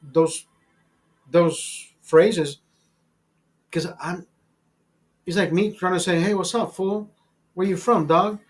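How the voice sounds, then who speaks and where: A man hosting a show, telling a story in a casual, profane and emphatic way, often repeating himself. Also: high-pitched. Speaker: show host.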